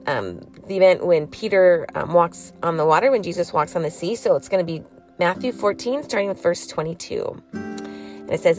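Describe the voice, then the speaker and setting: A woman's voice: sits low, a little mellow. A young woman giving a casual devotional talk and reading scripture aloud. She is chatty, laughs easily and uses many fillers. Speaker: faith vlogger.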